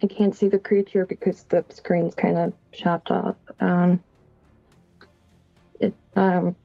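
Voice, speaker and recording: A woman's voice: fairly low pitch, level tone, takes it slowly, gravelly, breathy edge, no echo, muffled recording, faint music behind. A woman playing in a tabletop game, casual, giggly and a little hesitant. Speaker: player.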